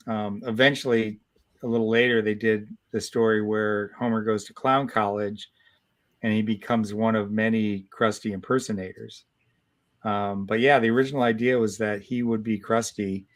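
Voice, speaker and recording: A man in his sixties, a guest comic artist, telling stories in a casual interview, animated and full of restarts. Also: on the low side, measured pace. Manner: animated storyteller, many restarts.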